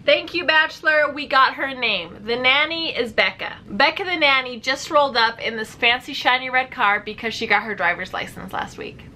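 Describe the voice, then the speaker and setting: A young woman giving animated, sarcastic reaction commentary as a vlogger. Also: high-pitched, normal speed, few pauses, slight background noise. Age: young adult.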